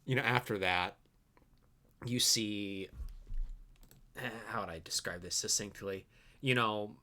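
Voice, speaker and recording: A man with a low, bright voice runs a tabletop role-play game. He narrates loosely, leaning on casual fillers. His tone stays easygoing. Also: takes it slowly. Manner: casual, fillers like "you know". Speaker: game master.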